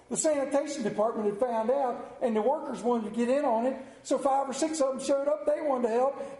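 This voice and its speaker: A man's voice: very high-pitched, mellow, echoey room. A man preaching a sermon in a church, telling a folksy story and asking the congregation questions. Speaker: pastor. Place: church sanctuary.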